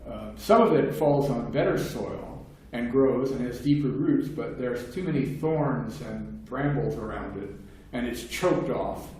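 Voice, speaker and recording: A man's voice: medium pitch, unhurried, hardly any pauses, warm tone. An older man giving a discursive seminar talk on philosophy, with frequent restarts and fillers, now and then acting out quoted voices. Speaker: philosophy lecturer. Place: seminar room. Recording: very echoey room, distant mic, faint hiss.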